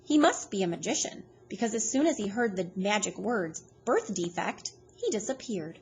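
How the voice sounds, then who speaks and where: A woman reading aloud, voicing a loud, mocking woman who giggles and taunts. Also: mid-range voice, sing-song, normal speed, slight background noise. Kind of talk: read-aloud storytelling.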